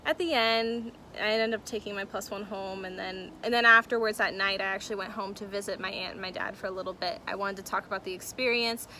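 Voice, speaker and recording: A woman's voice: medium pitch, fairly even intonation, brisk, hardly any pauses, pushed and bright, a little hiss or hum. A young woman telling a personal story to her camera in a chatty, emotional way, with lots of fillers. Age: young adult. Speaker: vlogger. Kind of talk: casual story-time vlog.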